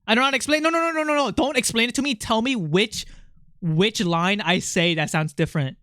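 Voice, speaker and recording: Using a voice changer, a streamer chats casually while gaming on a livestream, excitable and rambling, laughing often and reacting to chat. The voice is medium in pitch and a little fast, in studio-quality sound with no room sound.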